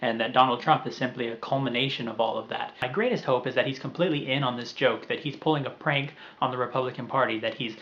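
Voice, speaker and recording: A man's voice: mid-range voice, fairly even intonation, quick pace, few pauses, fairly bright tone, dull audio, a little hiss or hum. A young man talking earnestly and reflectively in a personal video letter to a friend, sometimes restarting his phrases. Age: young adult.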